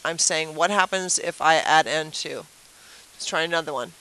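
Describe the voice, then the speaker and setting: A woman teacher runs a casual review lesson at the whiteboard, her voice bright and clear. She keeps throwing questions at the class and explains with playful everyday comparisons. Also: low voice, normal speed, rough recording. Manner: chatty, asks the class rhetorical questions.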